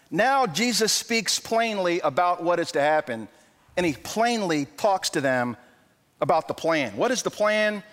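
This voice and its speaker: A man preaching a sermon as pastor, animated and acting out quoted dialogue, often repeating words as he goes. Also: sits high, long reverb tail. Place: church sanctuary.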